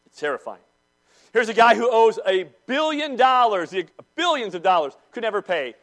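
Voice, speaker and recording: A pastor with a rather high male voice preaching to his congregation in a church. He swings from ringing, emphatic declarations to low, hushed intensity, often repeating phrases for weight. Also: very animated, normal speed. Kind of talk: sermon.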